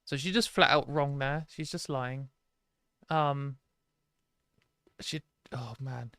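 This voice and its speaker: Chatty British woman with a smooth voice. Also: extremely low pitch, a bit bright, dry recording, clean studio sound. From Britain. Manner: chatty, frank, with frequent "like" and quick laughs. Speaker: live stream host. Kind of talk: casual live stream commentary.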